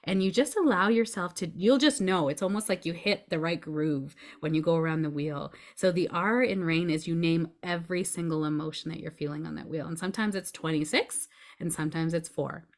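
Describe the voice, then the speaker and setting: Low voice lady coach walking you through grief steps, reassuring. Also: fairly quick, hardly any pauses. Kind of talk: podcast conversation.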